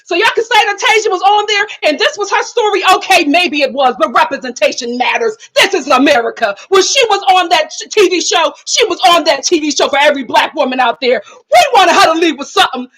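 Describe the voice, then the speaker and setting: This is a woman with a very high, bright voice that swoops up and down as she reacts live to a show. She talks bluntly and exclaims often, going back and forth with her chat as a streamer. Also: lively intonation, brisk, hardly any pauses, rough recording. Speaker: YouTube host.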